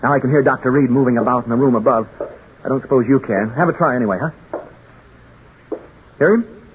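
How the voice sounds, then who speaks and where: An actor playing a nervous, chatty radio announcer who stammers and rambles, in a 1940s radio drama. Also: male voice, medium pitch, a little hiss or hum, natural voice. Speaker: radio announcer in a haunted house. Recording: tinny old 1940s radio broadcast.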